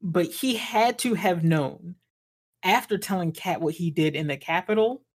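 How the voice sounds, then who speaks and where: A young woman co-hosting a casual podcast, with a voice that sits low for a woman. She chats in an agreeable way and gives blunt opinions. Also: unhurried, breathy edge. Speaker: podcast co-host.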